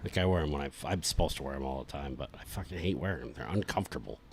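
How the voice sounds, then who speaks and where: A man with a very low, deep voice co-hosts a podcast in relaxed chat. He swears casually and tosses jokes into his partner's stories. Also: very fast, slight background noise. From Maine, USA. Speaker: podcast co-host.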